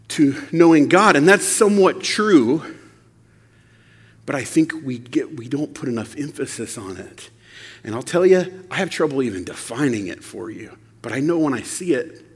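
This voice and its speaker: A man preaching a sermon, conversational and animated, asking the audience rhetorical questions. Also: medium pitch, in a large hall. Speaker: pastor.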